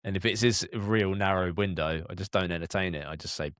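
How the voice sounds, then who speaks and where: A man's voice: low-pitched, a little fast, a bit bright, dry recording, studio quality. A man, a cab driver co-hosting a casual chat, talking reflectively with many casual fillers. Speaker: London cab driver, co-host.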